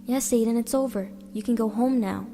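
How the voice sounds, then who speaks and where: A woman voicing a gentle young girl who guides a boy through a dream world, earnest and reassuring. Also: on the high side, a little fast, close to an everyday voice. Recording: reverberant with background music.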